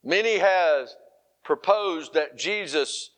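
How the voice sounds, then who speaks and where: A middle-aged male pastor preaching an animated sermon, moving between loud, emphatic lines and softer, quiet ones. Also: fairly high pitch, slow.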